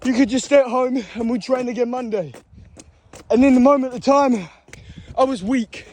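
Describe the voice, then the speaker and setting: Breathing hard while running at night alongside a motorway, a young man rants motivationally into his handheld phone, swearing and preaching as a fitness vlogger. His very high, slightly mellow voice moves at a moderate pace.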